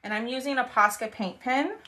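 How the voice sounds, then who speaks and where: A woman's voice: a little high, a little fast, pushed and bright. Chatty woman crafting live. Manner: chatty, talks to viewers while working, trails off when concentrating. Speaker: craft livestream host. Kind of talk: casual craft livestream chat.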